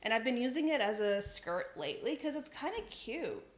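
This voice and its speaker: A woman's voice: on the high side, sing-song, moderate pace, roomy sound. A young woman, chatting casually and giggling as she hosts a cooking livestream from her home kitchen. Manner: chatty and giggly, says "like" a lot. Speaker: livestream host. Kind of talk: casual chat while cooking, reading chat aloud.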